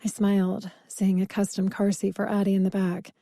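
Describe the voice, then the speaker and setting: A woman narrating a first-person romance audiobook in an expressive, conversational way. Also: medium pitch, normal speed, no echo, studio quality.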